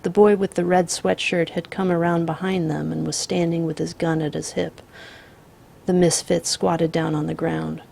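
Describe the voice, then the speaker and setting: A woman narrating a literary short story in a measured, steady storytelling voice. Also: fairly low pitch, gravelly.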